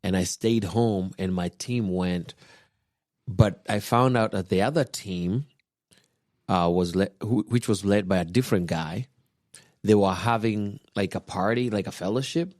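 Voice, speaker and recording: A man from Kenya, relaxed and chuckling often as he tells a personal story in casual chat. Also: fairly low pitch, unhurried, no echo, clean studio sound. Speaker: podcast guest.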